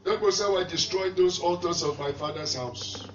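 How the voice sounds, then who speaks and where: A man, preaching a fervent sermon with shouted bursts and calls to the congregation. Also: sits high, moderate pace, a crowd in the background. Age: 50s. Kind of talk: impassioned sermon. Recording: echoey hall, distant dull mic.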